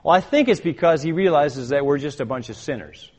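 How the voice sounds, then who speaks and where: An older man preaching a sermon as a pastor. He speaks with emphasis, asks his listeners questions and builds to loud, urgent commands. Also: a little high, expressive, brisk, husky. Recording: long hall reverb.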